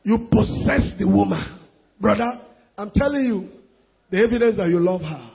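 High, raspy Nigerian preacher. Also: male voice, wildly swooping pitch, normal speed. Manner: emphatic, repetitive, bursts of shouting. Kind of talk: sermon. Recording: dull lo-fi sound.

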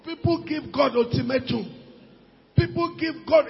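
A man with a Nigerian English accent preaching a sermon, animated, breaking into shouts and pidgin asides. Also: extremely high pitch, unhurried. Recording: dull recording in a reverberant hall.

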